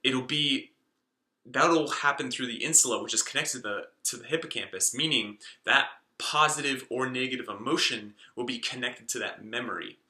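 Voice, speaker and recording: A man's voice: mid-range voice, moderate pace, pushed and bright. Rambling man in his twenties, echoey room. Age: 20s. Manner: rambling, with many fillers and restarts. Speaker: self-help video host. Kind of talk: casual explainer monologue.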